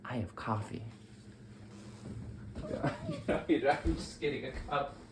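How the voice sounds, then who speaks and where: Man, coffee vlog, casual home chat, self-mocking jokes, middle pitch, faint room hum. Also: lively intonation, slow. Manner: joking, self-mocking, rambling. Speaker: coffee vlogger. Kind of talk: casual how-to chat while brewing coffee.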